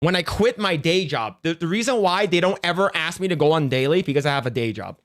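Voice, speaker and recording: A man's voice: a little high, lively intonation, fast, fairly bright tone, no room sound, studio quality. A man streaming live, reading donations in casual chat, stammering and restarting often, joking offhandedly.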